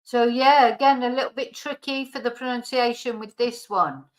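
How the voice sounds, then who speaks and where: A woman teaching fruit vocabulary in a bilingual lesson, slowly and carefully repeating each word for pronunciation. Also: a little high, fairly even intonation, poor audio. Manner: slow, careful pronunciation drills. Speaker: language teacher.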